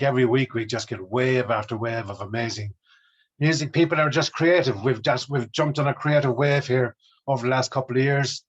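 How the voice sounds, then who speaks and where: A middle-aged Irish man, a musician guest, telling stories about his career with enthusiasm. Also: mid-range voice. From Ireland. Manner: enthusiastic, storytelling. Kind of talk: casual interview chat. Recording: dull lo-fi audio.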